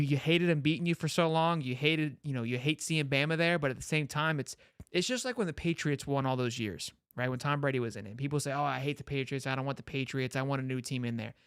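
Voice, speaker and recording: A man's voice: fairly high pitch, fairly bright tone, clean tone, no room sound, studio quality. A man hosting a casual sports talk show, rambling and laughing easily. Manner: rambling, laughs easily, says bro and dude. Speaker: sports podcast host.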